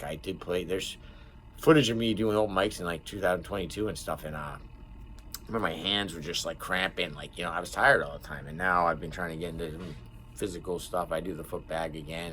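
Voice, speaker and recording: Very deep-voiced man rambling casually. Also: a bit bright, slight background noise, rough recording. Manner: candid, rambling, swearing. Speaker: vlogger.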